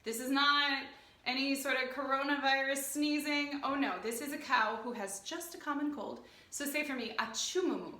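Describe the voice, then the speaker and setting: A woman choir director leading a playful vocal warm-up at home, encouraging the singers. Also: high-pitched, moderate pace, reverberant. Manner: encouraging, playful, sings example phrases. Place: home room, rain outside.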